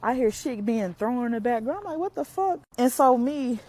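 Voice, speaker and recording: A woman's voice: on the high side, moderate pace, darkish tone. A young adult woman telling a personal story on camera in a candid, blunt, profane and emotional way. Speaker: vlogger.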